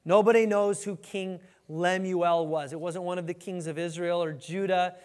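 A man with a notably high voice delivers a conversational sermon as a pastor, reading his verses with animated emphasis. His voice rings out in a large hall with a long reverb, the kind heard in a church sanctuary. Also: normal speed.

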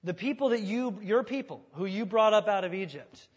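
A man's voice: high-pitched, moderate pace, long reverb tail, lo-fi sound. A man voicing God as an urgent, commanding male voice.

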